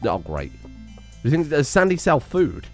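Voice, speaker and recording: A man's voice: a little high, normal speed, soft background music. Sweary man narrating gameplay. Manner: sweary, sarcastic, animated outbursts. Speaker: gaming streamer. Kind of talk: casual let's-play commentary.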